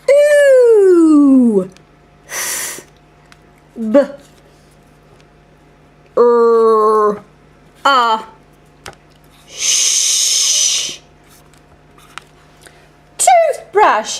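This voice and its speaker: Female reading teacher, high and very lively pitch, unhurried sing-song phonics coaching. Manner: slow, sing-song sounding out of speech sounds; coaxing, talks to a puppet helper. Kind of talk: phonics lesson for young children.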